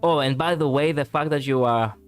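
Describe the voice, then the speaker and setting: A man's voice: on the high side, brisk, clean tone, soft background music. Chatty Greek-accented male streamer. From Greece. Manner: rambling, frequent fillers and restarts, laughs easily. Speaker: live streamer. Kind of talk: casual chat with viewers.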